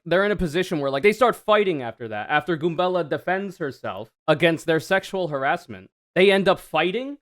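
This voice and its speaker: Streaming his reaction to another video, a man with a fairly high-pitched voice chats casually, offering sarcastic, animated commentary and swearing freely.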